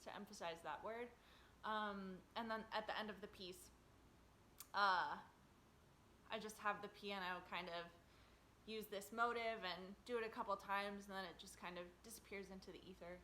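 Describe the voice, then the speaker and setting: A woman talks through her own composition in an easy, unscripted way, full of fillers and little restarts. Her voice is bright and forward, at a middle pitch for a woman. A faint background hiss sits under the recording. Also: normal speed, poor audio. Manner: relaxed, many fillers and quoted lines. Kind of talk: casual explanation of her music.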